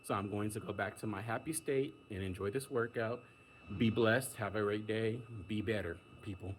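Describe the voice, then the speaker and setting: A man's voice: on the low side, normal speed, slight background noise. A man delivering a casual, emphatic monologue rant, exasperated and acting out the people he quotes. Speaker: vlogger.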